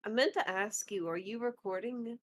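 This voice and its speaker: A woman's voice: medium pitch, moderate pace, a bit bright. A woman co-hosting a live stream, chiming in with brief, matter-of-fact remarks. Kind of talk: casual live-stream chat.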